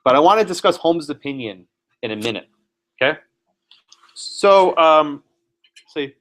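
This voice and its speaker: Lecturing his class a little slowly, this male law professor has a fairly high pitch. His manner is animated with occasional sarcasm, and he directs questions at students.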